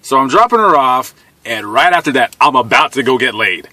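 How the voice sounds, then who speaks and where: A man's voice: medium pitch, sing-song, fairly quick, sharp tone, no room sound. A man in his thirties telling a personal story in a blunt, profane, casual way, often laughing as he goes.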